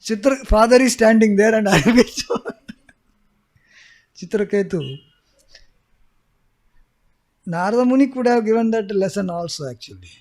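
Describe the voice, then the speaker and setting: A male spiritual teacher tells a scripture story to a class. His voice sits high, and he chuckles often. He repeats key phrases for emphasis. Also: expressive, moderate pace, pauses often, darkish tone.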